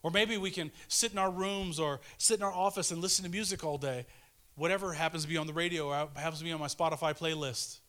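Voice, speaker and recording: A man in his thirties preaching a relaxed devotional message in a somewhat high voice. He pleads earnestly, rising to fervent urgency and dropping to soft, hushed tenderness. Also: quick pace. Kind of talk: casual devotional sermon.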